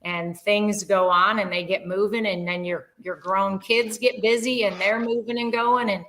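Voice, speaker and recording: A woman's voice: mid-range voice, steady tone, moderate pace, fairly bright tone, a little hiss or hum, low-quality recording. An older woman, a podcast guest, telling a heartfelt story in an earnest, rambling way with many fillers. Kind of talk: casual conversational storytelling.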